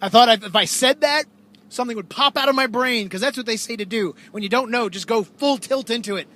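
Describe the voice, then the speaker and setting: A man with a notably high-pitched voice co-hosts a podcast in loose, casual conversation. He rambles and pokes fun at himself as he talks. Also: brisk, sharp tone. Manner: rambling, self-mocking humor. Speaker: podcast co-host. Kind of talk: casual chat.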